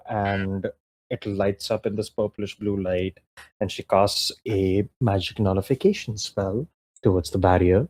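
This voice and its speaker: A man's voice: lowish voice, a little slow, a little mellow, a little hiss or hum. A young man narrating as game master in a tabletop game, casual and full of fillers, often laughing.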